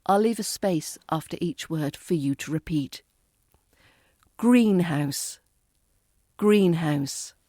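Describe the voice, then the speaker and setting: A woman with an RP British accent teaching pronunciation. She says each example slowly and deliberately and repeats every word. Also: deep voice, dark tone, no room sound, studio quality. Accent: southern British English, RP. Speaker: accent coach. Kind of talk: pronunciation lesson.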